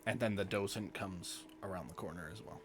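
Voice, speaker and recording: A man running a tabletop role-playing game as game master, narrating in a relaxed, descriptive way with small restarts. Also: sits low, brisk, background noise.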